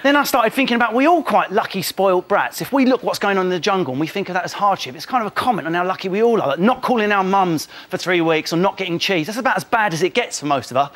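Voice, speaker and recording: A man with a Cockney accent doing a cheeky comic monologue on a TV panel show, riffing quickly. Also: high-pitched, animated, a bit bright, slight background noise. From London. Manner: quick cheeky jokey delivery, mimicking people. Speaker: comedian panelist.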